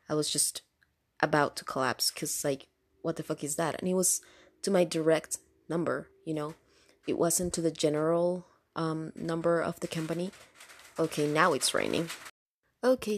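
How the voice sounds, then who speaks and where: Chatty low-voiced woman with vocal fry. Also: moderate pace, no echo. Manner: chatty, rambling with many fillers. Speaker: storytime vlogger. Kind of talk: casual storytime chat.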